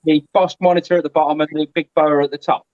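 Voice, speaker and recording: A man talks in a lively, chatty way, his voice sitting a little high. He is on a video call, and the sound comes through muffled and lo-fi with no room echo. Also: fast talker. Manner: chatty and animated. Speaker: guest. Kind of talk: casual live-stream chat.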